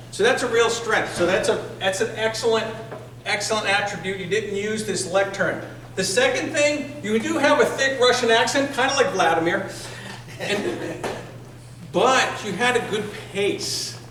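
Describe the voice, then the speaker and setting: A man's voice: sits high, fairly bright tone, a little hiss or hum. A man evaluating a speaker at a club meeting, giving encouraging, structured feedback with some restarts. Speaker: speech evaluator. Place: meeting room. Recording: echoey room audio from far off.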